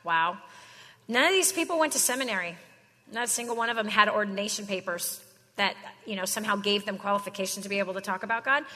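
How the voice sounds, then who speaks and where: Bright-voiced woman preaching casually in a hall. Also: medium pitch, fast talker. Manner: slangy, chatty storytelling. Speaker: Christian speaker. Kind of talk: casual sermon.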